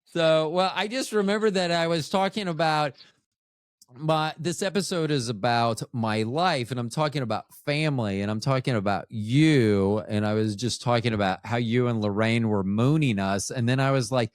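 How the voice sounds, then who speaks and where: A man's voice: mid-range voice, moderate pace, no echo, studio quality. A man hosting a casual solo podcast, rambling and joking at his own expense. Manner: rambling, joking, self-mocking. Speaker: podcast host.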